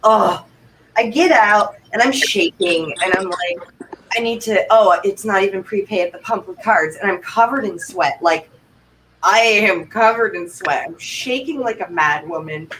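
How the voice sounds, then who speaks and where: A woman's voice: medium pitch, unhurried, fairly bright tone. Chatty woman from Vermont, distant mic. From Vermont, United States. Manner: chatty, rambling, breathless anecdotes with quoted asides. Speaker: guest. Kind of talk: casual chat, animated storytelling. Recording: distant mic, faint background noise.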